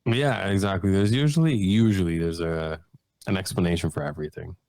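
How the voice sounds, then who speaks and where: A man's voice: low voice, fairly quick, a little mellow, dry recording. A man co-hosting a podcast, chatting casually and agreeing easily with his co-host. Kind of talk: casual chat.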